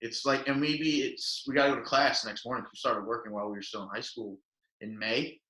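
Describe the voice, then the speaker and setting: A young man co-hosting a podcast tells rambling stories in casual chat, loaded with fillers and animated, acted-out quotes. His voice is medium-pitched and quick. The room is echoey.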